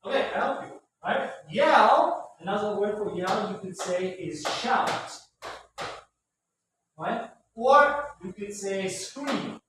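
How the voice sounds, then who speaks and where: High-voiced male teacher in an echoey room. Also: lively intonation, slow. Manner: patient, repetitive, ends phrases with "right?". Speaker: English teacher. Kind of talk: classroom vocabulary teaching. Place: classroom. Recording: very echoey room, far from mic, faint noise.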